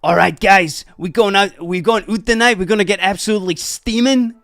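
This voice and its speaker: A Scottish man imitating a cheerful Californian friend with a put-on American accent, loud and excited. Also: high voice, fairly quick, no echo, studio quality, pitched above the performer's own voice.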